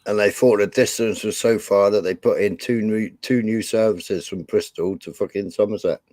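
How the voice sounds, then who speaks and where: A man's voice: on the low side, fairly even intonation, normal speed, darkish tone, dry recording. A man on a live stream panel who rambles and explains with lots of fillers and casual swearing.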